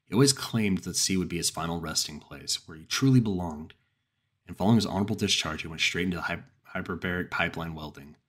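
A man narrating a horror story in the first person, slow and grave. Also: low voice, a bit bright, breathy edge.

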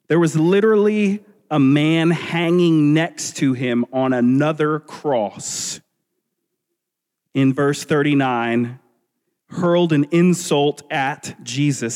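A man preaching a sermon as a pastor, earnest and measured, asking his listeners rhetorical questions. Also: a little high, a little mellow. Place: church sanctuary. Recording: long reverb of a large hall.

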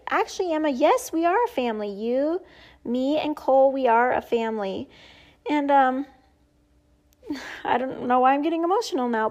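A woman hosting a podcast, giving an earnest, heartfelt personal faith testimony and closing in prayer. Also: sits high. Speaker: podcast host.

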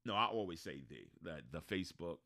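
A low-pitched man speaks fairly quickly as he co-hosts a podcast, animatedly telling a long story and voicing the people in it. It's a casual storytelling chat, recorded dry with clean studio sound.

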